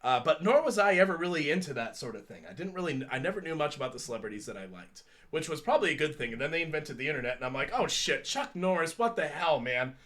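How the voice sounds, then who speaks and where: A man's voice: on the high side, expressive, racing, hardly any pauses, a bit bright. A man in his thirties co-hosting a casual chat show, rambling and joking with frequent laughs. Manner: rambling, jokey, laughs often. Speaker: podcast co-host.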